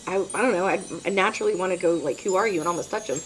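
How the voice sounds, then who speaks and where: A woman's voice: lowish voice, racing, slight background noise. A woman playing her character in a tabletop role-playing game, thinking aloud with frequent restarts as she decides what to do. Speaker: player. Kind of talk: casual tabletop game play.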